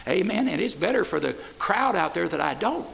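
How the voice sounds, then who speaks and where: A man's voice: sits high, big pitch swings, brisk, vocal fry, very noisy. A man preaching a sermon, in a folksy style with repeated "amen" and stammered restarts. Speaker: pastor. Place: church.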